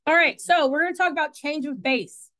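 High-voiced woman teaching math class. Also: brisk, bright, forceful tone. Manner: chatty, asks the class questions, corrects herself.

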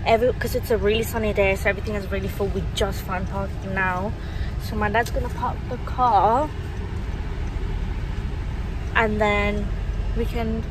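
A young woman chatting casually in a vlog, rambling and giggly, filmed on a handheld phone out and about. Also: mid-range voice. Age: young adult. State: out of breath. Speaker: vlogger. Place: outdoors on busy streets and in a restaurant. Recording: loud street crowd and traffic behind.

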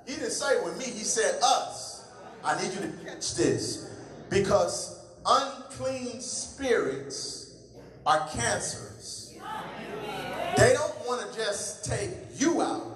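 A man preaching in a church, his voice pitched high and delivered slow and deliberate, calling on the congregation to answer back. He swings between raised calls and quiet asides, heard from a distance with a long echo through the hall. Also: expressive. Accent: American. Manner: call-and-response preaching, swinging between shouts and low asides. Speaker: pastor. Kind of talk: sermon. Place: large church sanctuary. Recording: echoey hall from far off.

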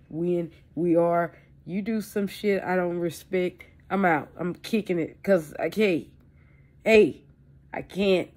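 Low, gravelly woman, sick and rambling. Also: warm tone. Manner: candid and rambling, with frequent fillers and mild swearing. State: sick with allergies, sneezing. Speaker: beauty vlogger. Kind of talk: casual chat to camera. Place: indoors at home.

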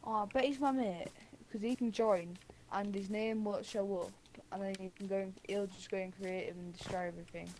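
A young woman chats while playing a game, repeating her denials in a defensive, giggly way. Her pitch sits in the middle for a woman. A faint hiss runs under the recording. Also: fairly even intonation, a little fast, few pauses, darkish tone. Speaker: gaming partner. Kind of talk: casual gameplay chat.

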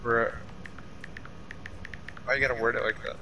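A man with a Southern American accent making low-key, dry remarks to a friend who is gaming. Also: little pitch movement, moderate pace, creaky, sharp tone, a little hiss or hum, low-quality recording.

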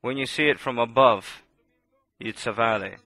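A man preaching a sermon, impassioned and swinging between loud outbursts and hushed asides. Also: mid-range voice, moderate pace, no echo.

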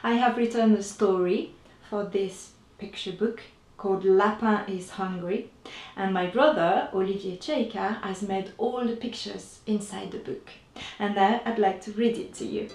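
A woman reading her own picture book aloud to children, slow and expressive, voicing the sound effects. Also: mid-range voice. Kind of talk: children's storybook read-aloud. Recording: roomy echo, distant mic.

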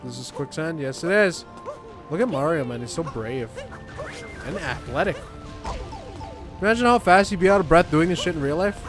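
A young man commenting on a game as he plays, swearing often and joking excitedly. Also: a little high, moderate pace, long pauses, over music. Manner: profane, excitable, jokey. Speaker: gaming YouTuber. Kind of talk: let's play commentary.

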